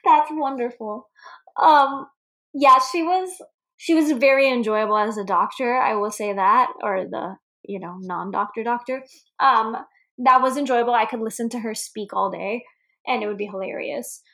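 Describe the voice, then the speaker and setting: Woman co-host chatting about a movie, laughs a lot, curses, high-ish voice. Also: normal speed, fairly bright tone. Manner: laughs often, blunt and swears. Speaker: podcast co-host. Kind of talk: casual chat about a movie.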